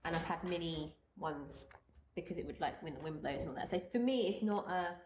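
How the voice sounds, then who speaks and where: Female co-host, fast and chatty, roomy recording with a faint hiss. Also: fairly low pitch, animated. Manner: chatty and candid. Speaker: co-host and hairdresser. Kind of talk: casual studio chat. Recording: echoey room with faint noise.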